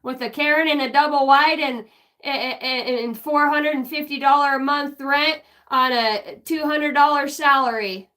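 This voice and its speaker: A middle-aged woman chats on a live stream with a high, bright voice. She is goofy and self-mocking, laughs often and swears freely. She is offering spiritual readings in loose, rambling talk. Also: steady tone, measured pace. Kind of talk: casual live-stream chat.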